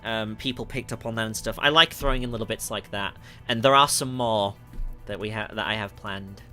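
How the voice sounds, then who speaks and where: This man's voice is on the low side, brisk and sharp in tone. A music producer from the north of England with a Northern English accent, he chats through a livestream Q&A reading chat questions, often laughing and correcting himself with many ums.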